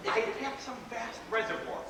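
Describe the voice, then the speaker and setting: A man's voice: very high voice, steady tone, moderate pace, gravelly. An actor playing a whimsical, rebellious grown man, telling stories with theatrical, playful flourishes in a live stage play. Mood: delighted. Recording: echoey theater hall from far off, faint noise.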